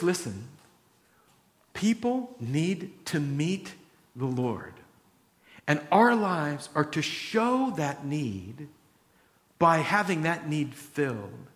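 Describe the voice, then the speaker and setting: A male pastor preaching a conversational sermon, acting out quoted voices and closing in soft prayer. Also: medium pitch.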